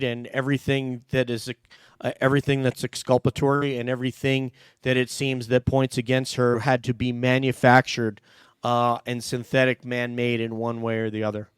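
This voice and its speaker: Smooth-voiced male livestream host. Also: medium pitch, little pitch movement, moderate pace, dry recording, studio quality. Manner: chatty, jokey, thanks viewers warmly. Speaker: host reading super chats. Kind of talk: casual livestream chat.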